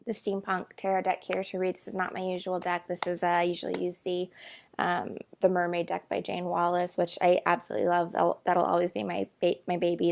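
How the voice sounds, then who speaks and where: A woman's voice: medium pitch, creaky. A woman giving a casual, rambling tarot reading on her channel, talking into earbud microphones with many fillers. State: tearful, emotional at times. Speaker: tarot reader.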